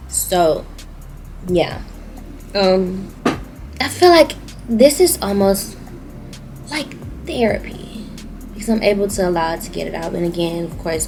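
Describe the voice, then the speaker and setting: A woman's voice: low-pitched, vocal fry, a little mellow, poor audio. A young woman with a Southern US accent, talking candidly to her viewers in a personal video diary. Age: young adult. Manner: candid, emotional, speaking to viewers. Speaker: YouTuber.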